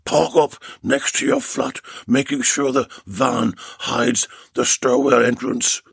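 A man voicing a menacing kidnapper with a husky, muffled voice in an audio story. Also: mid-range voice, fairly even intonation, slow pace, no room sound, clean studio sound, full character voice.

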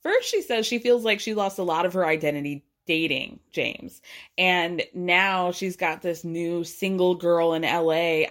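Woman, podcast host, casual reality TV recap, gossipy, profane, animated. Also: fairly low pitch. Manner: animated, gossipy, profane, quick asides and laughs.

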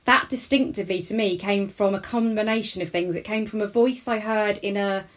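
A woman's voice: mid-range voice, a little fast. Chatty self-deprecating woman. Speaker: character comedian guest. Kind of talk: casual interview chat.

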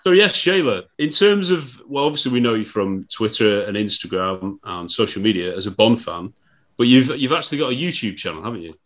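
A man's voice: lowish voice, lively intonation, brisk, a bit bright. A man hosting a podcast, chatty and casual, often restarting his sentences. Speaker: podcast host.

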